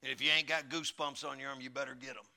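A man's voice: medium pitch, steady tone, very fast, vocal fry, pushed and bright. A pastor preaching a sermon in a church, folksy and emphatic, building in fervor as he teaches. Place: church sanctuary.

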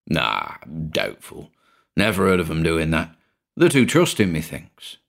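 A boozy old ex-teacher with a gruff, slurring drawl and a British accent, as a male narrator puts him on. The voice sits low and swings in pitch. He speaks bluntly. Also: huge pitch swings, a little slow, exaggerated voice. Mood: gruff scheming. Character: older man, blunt, boozy ex-chemistry teacher.

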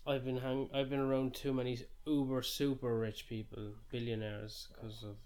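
A man's voice: mid-range voice, flat delivery, normal speed, a little mellow. A man, chatting casually as a podcast co-host and ranting in a sweary, jokingly outrageous way. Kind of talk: casual chat.

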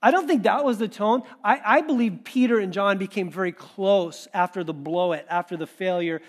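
High-voiced man preaching conversationally. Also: moderate pace. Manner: conversational, animated preaching with quoted asides. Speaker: pastor. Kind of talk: sermon.

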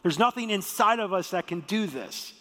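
A man preaching a sermon as the pastor, lively and joking as he tells the story. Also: sits high, normal speed. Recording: long hall reverb.

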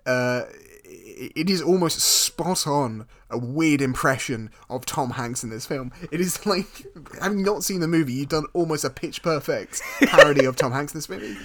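A man's voice: fairly high pitch, lively intonation, normal speed, hardly any pauses, fairly bright tone. A man co-hosting a podcast in casual chat, arguing his points in a teasing, mock-stern way. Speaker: podcast co-host.

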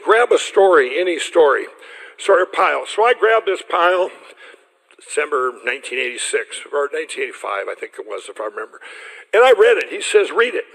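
A man's voice: fairly high pitch, fairly bright tone. A middle-aged man telling a personal testimony to a group of pastors, rambling and restarting, often breaking into laughter. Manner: rambling, self-interrupting storyteller who laughs often. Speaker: speaker addressing a group of pastors. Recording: radio broadcast with long hall reverb.

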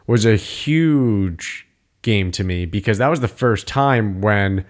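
A man chatting casually, telling rambling, profane, animated stories. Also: on the low side, takes it slowly. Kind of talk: casual chat.

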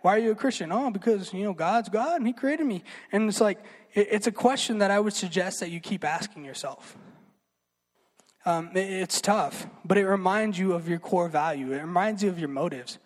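A young man giving a casual sermon, chatty and animated, full of fillers and asides. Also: high-pitched, normal speed. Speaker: youth speaker. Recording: long hall reverb.

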